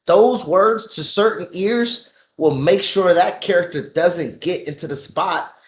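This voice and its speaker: A man's voice: high voice, a little slow, slight background noise. A man co-hosting a podcast in casual chat, emphatic and hyped, repeating his catchphrases. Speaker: podcast co-host.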